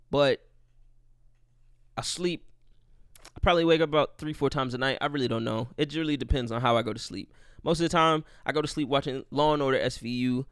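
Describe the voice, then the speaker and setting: A young man talks alone on his casual podcast, rambling, cursing and cracking self-deprecating jokes. His mid-range voice is a bit bright and smooth, recorded in studio quality without any room sound.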